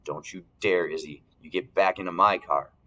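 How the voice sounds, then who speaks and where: Guy reading a confident mom, deep voice, firm and brisk, audiobook. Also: steady tone, bright, forceful tone, distant mic. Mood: stern. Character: confident mother, woman, middle-aged, takes charge.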